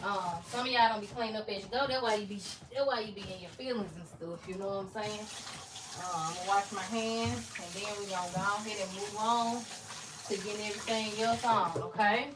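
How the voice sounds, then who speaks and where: A woman, chatting casually to her viewers while she cooks in her home kitchen, folksy and quick to laugh. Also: medium pitch, fairly even intonation, background noise. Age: 30s. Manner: chatty, folksy, laughs often, Southern country slang. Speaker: cooking vlogger. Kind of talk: casual cooking chat to viewers.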